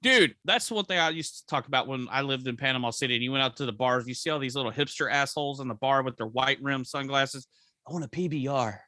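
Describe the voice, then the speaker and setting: A man's voice: mid-range voice, fast talker, hardly any pauses, pushed and bright, no room sound. A man co-hosting a podcast who chats casually about a movie, swearing freely and retelling scenes in voices. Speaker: podcast co-host.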